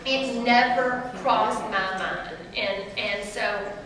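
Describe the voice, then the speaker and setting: A woman in her forties with a Southern US accent, an author, takes it slowly in a medium-pitched voice while telling stories to a live audience. She's chatty, animated and laughing, addressing everyone as "y'all," and the echoey, noisy recording comes from a distant mic.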